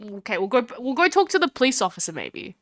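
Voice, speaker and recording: A woman's voice: on the high side, very animated, fast talker, fairly bright tone, no room sound, studio quality. A woman streamer chatting casually and rambling with self-mocking asides while playing a game.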